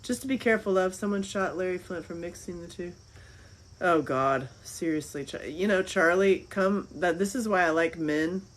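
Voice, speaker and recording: A woman talking as an interview guest in casual chat. She is animated, laughs often and repeats phrases. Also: on the low side, moderate pace, poor audio. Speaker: interview guest, filmmaker and author.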